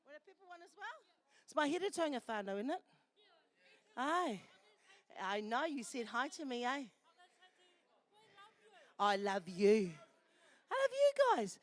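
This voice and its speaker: Her voice is a little high, with lively intonation, a measured pace and frequent pauses. This New Zealand woman is MCing a festival, warmly chatting with the audience and calling them darling while she hands out prizes and announces things at the venue.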